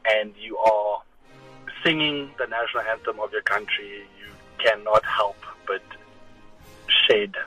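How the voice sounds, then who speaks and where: An upbeat man from South Africa calls in to the show with a friendly voice note. His tone is bright and forceful, and music plays faintly behind him. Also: lowish voice, fairly even intonation, measured pace, slightly rough, low-quality recording. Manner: upbeat, greets the team like a friend. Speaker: caller leaving a voice note.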